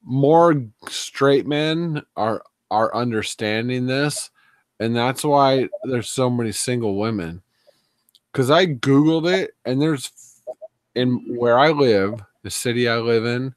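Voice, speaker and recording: A man's voice: mid-range voice, takes it slowly, dry recording. Regular-voiced guy griping on a live chat, dry sound. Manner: complaining, mocking imitation. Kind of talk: casual chat.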